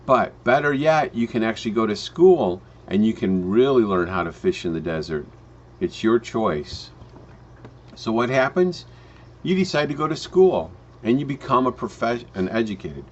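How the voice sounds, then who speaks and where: A man tells a parable in a plain, mid-pitched voice, leaning on slow, emphatic phrasing. He often stops and restarts his lines. The recording sounds dull and lo-fi. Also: very animated. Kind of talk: spoken parable for a home business pitch.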